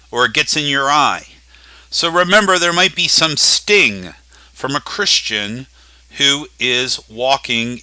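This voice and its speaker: A man preaching a sermon as pastor, teaching with emphatic, slowly stressed phrases. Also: mid-range voice, bright, forceful tone, dry recording.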